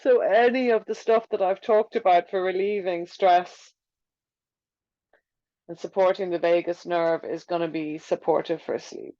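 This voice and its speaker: A woman yoga teacher gently guiding a slow movement class in a room with a wooden floor. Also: on the low side, steady tone, no echo, dull audio.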